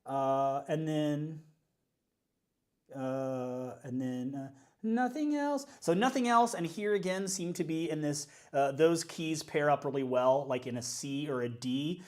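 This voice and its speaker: Guy leading worship chatting on a stream, casual and upbeat, mid-pitch voice, talks through stuff as he goes. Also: steady tone, slow pace, darkish tone. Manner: chatty, upbeat, thinking aloud. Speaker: worship leader. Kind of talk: casual livestream chat.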